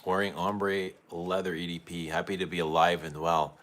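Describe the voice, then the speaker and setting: A man's voice: low-pitched, level tone, normal speed, a bit bright. A man hosting a casual livestream about perfume, chatting with viewers and reading their comments aloud.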